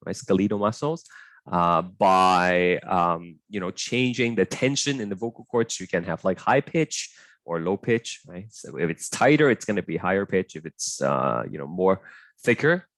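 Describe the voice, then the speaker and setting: A young male tutor talks students through an online biology class, low-pitched, with a voice that rises and falls a lot. He hesitates, fills gaps with "uh" and keeps checking in with the group. The sound is dry and close to the mic. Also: a bit bright, dry recording. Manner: chatty, hesitant, many fillers and checks.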